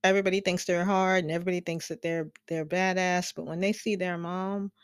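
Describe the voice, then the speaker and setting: A woman's voice: fairly low pitch, little pitch movement, fairly quick, clean tone, no echo, clean studio sound, close to an everyday voice. Woman doing a brash New York cabbie ghost. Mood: scoffing.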